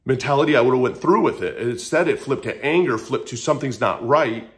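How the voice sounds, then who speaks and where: A man's voice: mid-range voice, lively intonation, fairly quick. A man in his thirties telling a raw personal story in a casual, earnest way, swearing freely and repeating phrases. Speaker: vlogger sharing his story.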